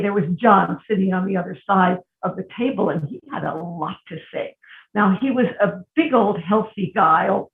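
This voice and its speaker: Older woman storyteller, wry and unhurried, on a tinny video call from a roomy space. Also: mid-range voice, vocal fry. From New York City. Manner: wry, unhurried, with self-mocking asides. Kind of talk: personal storytelling. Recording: phone-like, echoey room audio.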